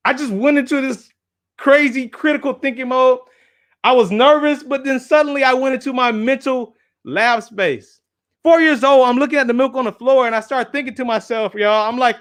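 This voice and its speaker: A man speaking as a guest engineer at a symposium, telling a story in an animated way and talking straight to his audience, slipping into little voices for the people he quotes. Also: extremely high pitch, a little fast. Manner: acts out small voices when quoting people in a story. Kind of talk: lively storytelling talk at a symposium.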